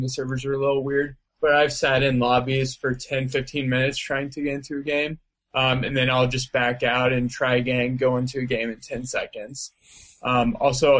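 A man's voice: medium pitch, a bit bright. A man answering interview questions in a loose, rambling way, with lots of fillers. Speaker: interviewee, video game player. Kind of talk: casual interview chat.

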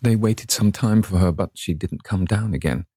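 Male reader doing a suave cynical aristocrat, low dark voice, husky, urbane, audiobook. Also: moderate pace, no room sound, studio quality. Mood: grave. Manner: urbane, epigrammatic. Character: witty, cynical older aristocratic gentleman.

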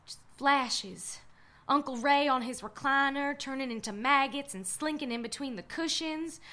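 An actress playing a drunk, frightened young woman who narrates her own ordeal, halting and stammering. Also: sits high, sharp tone. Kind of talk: first-person audio drama narration.

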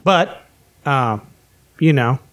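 A man's voice: mid-range voice, lively intonation, very slow, a bit bright. A man on a podcast telling his life story in casual chat, candid and full of swearing. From West Virginia. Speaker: podcast guest.

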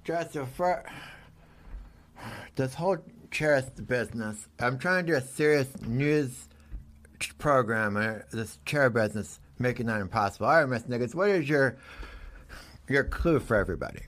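A man hosting a comedy talk show in a mock-serious, deadpan way, playfully bossing his guest around. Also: medium pitch, moderate pace.

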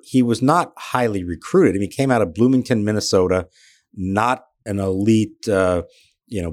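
A male podcast co-host giving casual analysis in a thoughtful, measured way. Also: sits low, no echo.

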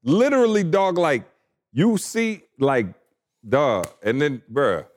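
Podcast co-host, man in his thirties, fairly high voice with a wide, swinging pitch; quick to react. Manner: lively, chiming in with quick reactions. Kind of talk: casual chat.

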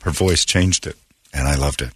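A man's voice: a bass voice, normal speed, breathy edge. A man hosting a morning radio show, joking and rambling with his co-hosts and laughing often. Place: radio studio.

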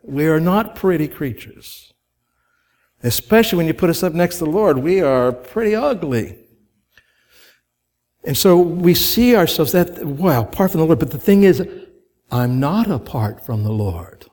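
A man's voice: a little high, animated, a little mellow. Conversational, emphatic male pastor preaching. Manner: conversational preaching with rhetorical questions to the congregation; grows emphatic and quickens when stirred. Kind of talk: sermon.

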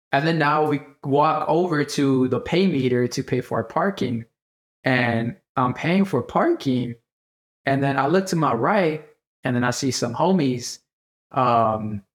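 A young man co-hosting a podcast, telling a rambling story in casual chat and acting out what his friends said. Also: mid-range voice. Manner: rambling, animated, acts out quoted friends. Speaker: podcast co-host.

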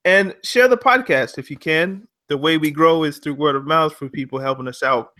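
A man hosting a casual football podcast, reading out listener reviews in a relaxed way with frequent ums. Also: a little high, moderate pace. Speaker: podcast host.

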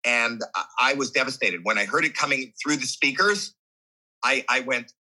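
A man telling a deeply personal story as an interview guest, animated and emotional, often restarting his sentences. His voice has a husky edge and a very bright, forceful tone. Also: moderate pace, rough recording.

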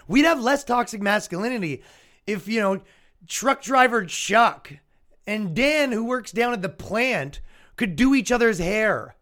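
A man's voice: high voice, animated, slow, fairly bright tone. A young man with a Canadian accent hosting a solo comedy podcast, ranting sarcastically, swearing and mock-quoting the other side. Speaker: podcast host.

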